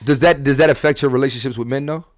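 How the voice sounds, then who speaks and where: A middle-aged man hosting a casual podcast, telling stories and acting out the people he quotes with sudden loud jumps. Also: steady tone, fast, no room sound, clean studio sound. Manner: storytelling, acts out quotes with big pitch jumps and shouts. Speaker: podcast host.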